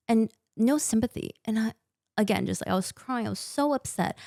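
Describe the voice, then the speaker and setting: Gravelly-voiced woman telling a birth story. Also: on the high side, mellow, dry recording, clean studio sound. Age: young adult. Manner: emphatic, quick retelling with quoted dialogue. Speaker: podcast guest, maternity nurse. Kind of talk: candid conversational storytelling.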